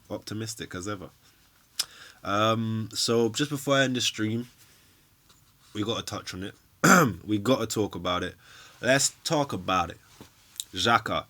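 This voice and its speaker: A man's voice: on the low side, a bit bright. A young man, ranting casually and bluntly about his football team as a fan streamer, swearing freely.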